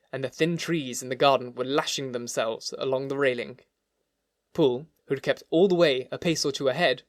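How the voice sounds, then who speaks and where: A man reading a classic novel aloud as an audiobook narrator, with measured, expressive storytelling. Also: mid-range voice, dry recording, studio quality. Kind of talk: scripted narration.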